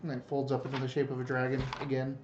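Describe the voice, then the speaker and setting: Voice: mid-range voice, monotone, rapid-fire, background noise. A player at a tabletop role-playing game, talking in character with a wry, teasing manner. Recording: dull lo-fi home recording.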